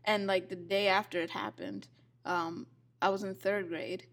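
A woman's voice: medium pitch, steady tone, unhurried, a bit bright. A young woman co-hosting a casual podcast, chatting loosely and hedging often as she recalls things. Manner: chatty, hedging, unsure of her memories. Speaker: podcast co-host. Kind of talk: casual chat.

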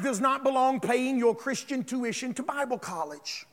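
A man preaching a sermon as pastor, calling on the congregation to respond and building up to shouts. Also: very high-pitched, normal speed, big-room sound.

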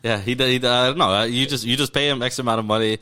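Fast-talking joking man. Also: medium pitch, fairly even intonation, sharp tone, clear, resonant tone. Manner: fast, joking, stumbles over words. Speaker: podcast co-host. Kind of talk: casual chat.

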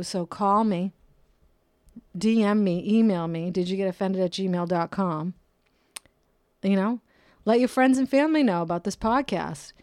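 A woman hosting her own podcast in a casual solo monologue, her voice swinging up and down with jokey asides and soft whispered moments. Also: mid-range voice, dry recording, clean studio sound. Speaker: podcast host. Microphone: close podcast microphone.

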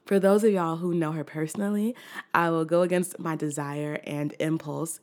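Expressive woman hosting her podcast. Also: deep voice, moderate pace. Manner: earnest and expressive, with easy laughs and casual slang. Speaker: podcast host. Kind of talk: scripted podcast monologue. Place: corner of her own room.

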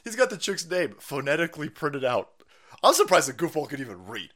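A man hosting a live stream, pouring out a profane, mocking rant. His voice leaps up and down in pitch and breaks into angry shouted bursts. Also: wildly swooping pitch, a little fast. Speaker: political streamer.

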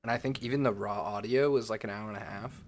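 A man's voice: lowish voice, fast talker, slight background noise. Laid-back man co-hosting a podcast. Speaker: podcast co-host. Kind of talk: casual comedy podcast chat. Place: home setup, apart from co-host.

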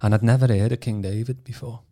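A man from Birkenhead, telling his testimony on a podcast in a casual, animated way with stammering repeats. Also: medium pitch, fast. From Birkenhead, England. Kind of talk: casual storytelling.

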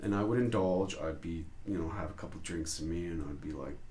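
A street photographer speaks in a low, fairly quick voice, telling loose, animated stories during a casual interview and swearing a lot. The room is echoey, with faint noise in the background.

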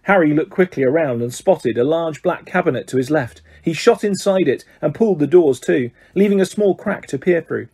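A man reading a children's storybook aloud, expressive and lively. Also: on the high side, normal speed, hardly any pauses, breathy edge. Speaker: audiobook reader.

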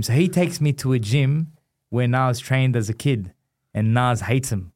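A man from Australia, a guest on an interview show, telling a long personal story at an ordinary, middle pitch. He is animated and lively, slipping into the voices of the people he quotes. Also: measured pace. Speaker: guest, former boxing champion.

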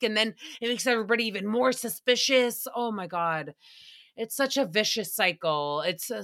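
Woman podcast host, bright tone, sarcastic rambling chatter, casual solo recap. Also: medium pitch.

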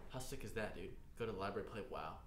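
A man's voice: on the low side, animated, fast. A man co-hosting a podcast in casual chat, rambling, losing his train of thought and saying "dude" constantly, recorded in a library. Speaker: podcast co-host. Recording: echoey room with faint noise.

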